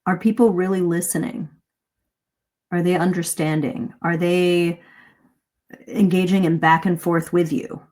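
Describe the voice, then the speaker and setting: Middle-aged woman coach, low-ish voice, animated live-stream lesson. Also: unhurried, pauses often. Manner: lively, varies pace and emphasis to demonstrate. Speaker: English speaking coach.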